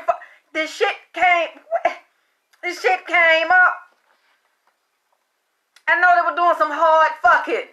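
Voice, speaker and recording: A high-pitched woman gives a loose, chatty tarot reading, swearing freely and laughing as she goes. Her voice is bright and sharp. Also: dull audio. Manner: chatty, profane, breaks into laughter. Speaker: tarot card reader. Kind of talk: casual spiritual reading monologue.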